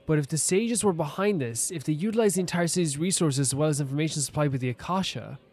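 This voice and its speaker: A gaming streamer chatting casually while playing, excitable and gushing about the story. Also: mid-range voice, fast. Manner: excitable, gushing, talks over the game. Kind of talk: casual gameplay commentary.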